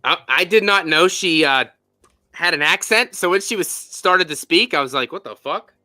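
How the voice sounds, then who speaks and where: Animated, bright-voiced man chatting. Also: fairly high pitch, moderate pace, no room sound, studio quality. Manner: animated and profane, with lots of fillers. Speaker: podcast host. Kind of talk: casual spoiler review chat.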